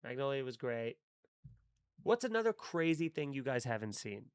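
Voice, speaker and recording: A man hosting a live stream, chatting casually and excitably with his viewers and swearing freely. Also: mid-range voice, normal speed, clean tone, no echo, studio quality.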